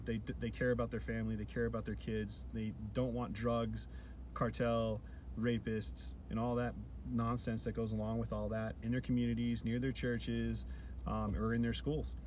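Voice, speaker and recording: A man's voice: mid-range voice, darkish tone, slight background noise. A man in his forties talking in a casual, earnest monologue, blunt, sometimes swearing and repeating words. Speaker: vlog host.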